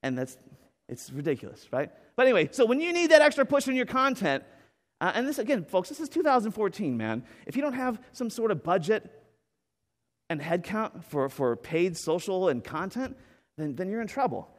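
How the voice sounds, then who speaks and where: A man giving an enthusiastic, joking conference talk on stage, with lots of "right?" and quick asides. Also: sits high. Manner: animated, enthusiastic, jokey with frequent "right?" and fillers. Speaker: conference speaker. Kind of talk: energetic conference keynote. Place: large conference hall. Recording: echoey hall with long reverb.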